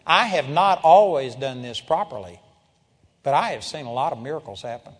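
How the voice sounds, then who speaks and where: An older man preaching a sermon, telling stories in a lively way and now and then bursting into loud shouts of praise. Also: mid-range voice, normal speed, breathy edge. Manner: storytelling, animated, breaks into loud praise shouts. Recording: long hall reverb.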